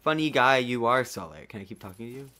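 A man doing gameplay commentary, getting excited, cursing and muttering to himself as he plays. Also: medium pitch, quick pace, crowd noise. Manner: excitable, swears a lot, mutters to himself, yells at the game. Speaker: let's play gamer.

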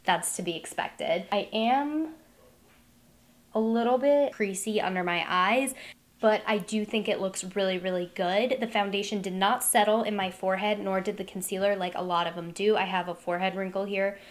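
Chatty beauty vlogger lady at home, upbeat, says like a lot, middle pitch. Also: normal speed. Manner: chatty, upbeat, many "like" fillers. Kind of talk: casual vlog check-ins. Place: at home by large glass doors.

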